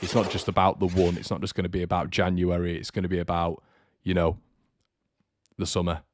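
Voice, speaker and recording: A man's voice: low voice, completely flat delivery, fairly quick, a little hiss or hum. A young man hosting a fan channel livestream, chatting in a rambling way and reading out viewer comments. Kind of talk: casual livestream chat.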